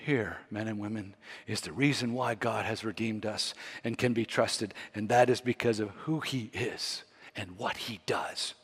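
A man's voice: fairly low pitch, unhurried, fairly bright tone, husky. A man preaching a sermon as pastor, teaching closely from scripture and building to emphatic peaks. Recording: long hall reverb.

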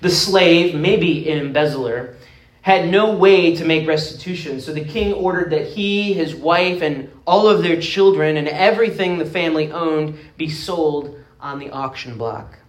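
A man with a voice pitched a little high delivers a sermon, telling a parable earnestly and with emphatic pauses. His words echo through a roomy space, as in a church sanctuary. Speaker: preacher.

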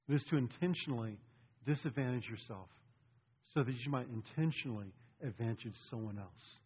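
A man's voice: mid-range voice, slightly rough. A man in his forties, a pastor giving an earnest, conversational sermon with frequent restarts, recorded in a church sanctuary. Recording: dull lo-fi sound in a reverberant hall.

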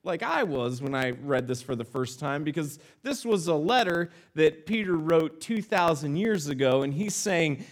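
A male pastor telling a self-deprecating story in a sermon, animated and acting out the lines, speaking in a church. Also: fairly high pitch, moderate pace, few pauses.

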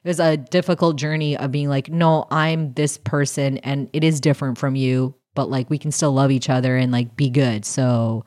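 A woman's voice: very deep voice, fairly even intonation, moderate pace, few pauses, a little mellow. A young woman, a stand-up comedian, chatting candidly on a podcast with lots of fillers. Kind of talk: casual podcast chat.

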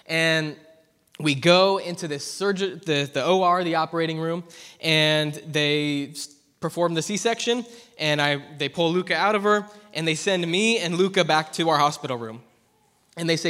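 A young man preaching a sermon at church, telling a personal story earnestly and dropping from loud to hushed. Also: a little high, normal speed. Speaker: pastor. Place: church hall. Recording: long hall reverb.

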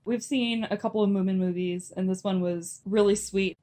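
A woman's voice: mid-range voice, fairly even intonation, normal speed, dark tone. A woman co-hosting a casual podcast, chatting enthusiastically about films. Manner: enthusiastic, chatty, laughs easily. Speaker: podcast co-host. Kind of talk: casual film review chat.

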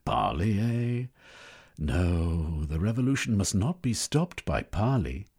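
A man's voice: low voice, very animated, takes it slowly, a little mellow, breathy edge, exaggerated voice. A man voicing a cautious, suspicious male revolutionary. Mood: wary.

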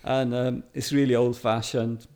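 A man's voice: mid-range voice, little pitch movement, unhurried, darkish tone. A middle-aged Welsh man, a photographer, chatting in an interview and telling stories with fillers and frequent laughs. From Wales. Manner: chatty, anecdotal, laughs often, many fillers. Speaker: photographer guest. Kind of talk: casual interview chat.

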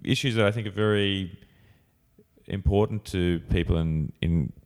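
An Australian man chatting casually as a podcast guest, relaxed and chuckling, trailing off with fillers. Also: low-pitched, moderate pace. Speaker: podcast guest, comedian and actor. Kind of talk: casual chat.

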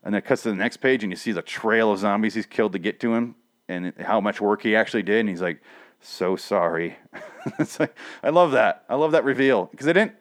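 A man's voice: fairly low pitch, quick pace. Profane, ranting man recapping a comic.

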